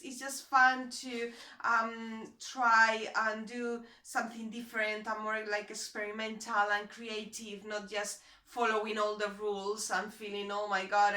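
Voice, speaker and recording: A woman chatting casually as she presents a sewing vlog, rambling a little and often pausing to find her words. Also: fairly high pitch, sharp tone. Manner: chatty and rambling, with frequent hesitations. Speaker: sewing vlogger. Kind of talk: casual how-to chat. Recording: roomy echo.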